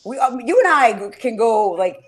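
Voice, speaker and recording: Woman podcast host, casual rambler, fairly high-pitched, curses often, wears her heart on her sleeve. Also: sing-song, moderate pace. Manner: chatty, swears freely, gets emotional telling stories. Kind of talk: casual chat.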